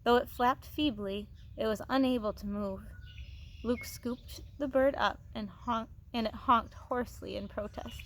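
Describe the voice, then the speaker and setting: A woman teacher reading a novel aloud to her students, expressive, with small restarts, on a phone. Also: fairly high pitch, a little slow, slight background noise.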